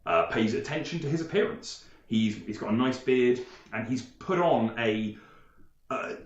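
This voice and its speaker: A man's voice: mid-range voice, expressive, moderate pace, roomy sound, highs cut off. A man narrating as game master in a tabletop game, rambling and chuckling, with frequent restarts.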